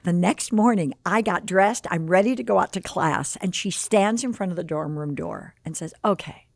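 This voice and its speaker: On a podcast, a sixty-something woman from the Chicago area recounts a personal story, bringing the quoted dialogue to life with animated delivery. Her gravelly voice sits on the low side and moves at normal speed. The recording is dry.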